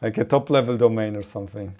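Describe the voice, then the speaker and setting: A man's voice: on the low side, fast, dark tone. A man streaming live as he builds an electronics project, thinking aloud and laughing often as he works.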